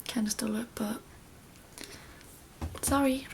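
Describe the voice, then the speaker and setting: Young woman, slightly high voice, casual makeup tutorial, half-whispered asides, faint hiss behind. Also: steady tone, measured pace. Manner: chatty, often half-whispered, rambling asides. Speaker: beauty vlogger.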